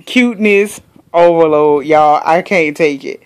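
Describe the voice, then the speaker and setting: A young woman vlogger gushing excitedly in casual chat, saying y'all a lot. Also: deep voice, measured pace, clean tone.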